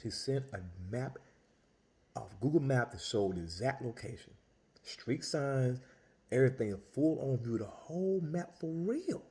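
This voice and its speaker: A man's voice: medium pitch, a little slow, slight background noise. A man who sells Italian ice tells a story as a casual, exasperated rant, full of restarts and repeated words. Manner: animated, exasperated, lots of restarts and repetition.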